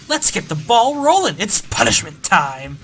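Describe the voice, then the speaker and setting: A man's voice: sits high, lively intonation, moderate pace, pushed and bright, slight background noise. A man playing a gleeful mocking bear villain. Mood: announcing. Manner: taunting, sing-song announcements. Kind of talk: let's play voice acting.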